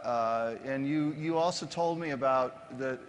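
On a large conference stage before an audience, a male host conducts an interview, asking jokey leading questions with many fillers. His voice is mid-range and unhurried. A long hall reverb and faint background noise color the recording.

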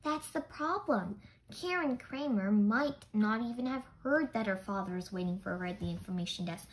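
A woman's voice: mid-range voice, animated, normal speed, close to an everyday voice, rough recording. A woman reading aloud, voicing a clever, observant young girl detective in a children's storybook. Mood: thoughtful.

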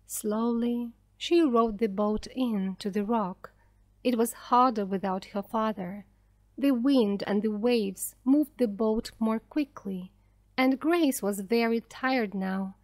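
A woman narrating a graded reader story slowly and clearly for language learners. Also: on the high side, a little mellow, dry recording. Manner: slow, clear, carefully paced for learners.

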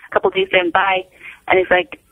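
A woman's voice: mid-range voice, very animated, a little fast, no room sound. A middle-aged woman on the phone as an interview guest, telling a family story in a rambling way, restarting her sentences. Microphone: telephone. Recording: tinny phone line.

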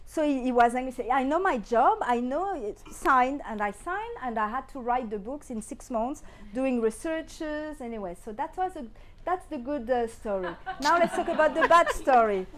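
Speaking English with an obvious French accent, her first language being French, a middle-aged woman appears as a guest speaker sharing anecdotes with an audience. Her high voice moves at a normal pace as she animatedly acts out others' words, laughing frequently along the way.

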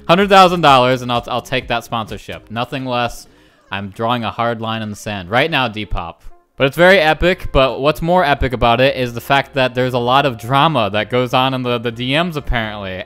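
A man's voice: mid-range voice, fairly bright tone, clean tone. A young man hosting a casual reaction video, joking and rambling as he laughs at what he reads. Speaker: YouTube host.

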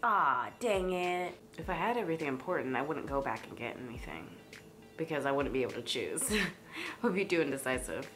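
A woman's voice: extremely low pitch, big pitch swings, music in the background. A woman vlogger reading out questions in a casual couple's tag video, giggling often. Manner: giggly, quick to laugh.

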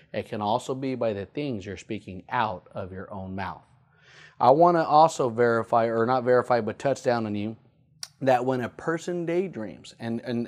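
Man teaching a sermon with slow emphasis. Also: medium pitch. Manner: repeats key points, slows for emphasis. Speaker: pastor.

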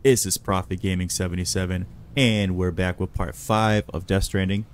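A man's voice: deep voice, fairly even intonation, moderate pace. A man hosting his gaming channel, chatting loosely and rambling as he plays. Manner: laid-back, rambling, chatty. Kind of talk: casual gameplay commentary.

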